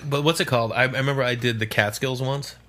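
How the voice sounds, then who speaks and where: Comedian guy guesting on a podcast, bright tense tone, slangy punchy storytelling. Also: mid-range voice, steady tone, fast. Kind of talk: casual comedy podcast chat.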